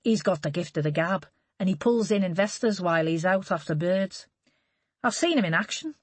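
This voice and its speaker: Woman narrator doing a chatty wry middle-aged man, lively lilting delivery, dry close sound, audiobook. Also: fairly low pitch, normal speed, husky, no echo. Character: genial middle-aged male shooting-set gossip. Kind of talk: audiobook character reading.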